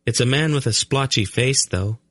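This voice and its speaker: A man voicing a calm, uncanny young boy who reads minds, in an audiobook. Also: medium pitch, moderate pace, no room sound, pitched above the performer's own voice, close to an everyday voice. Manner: calm, matter-of-fact explaining. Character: uncanny mind-reading blond boy, calm. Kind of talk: audiobook character voice.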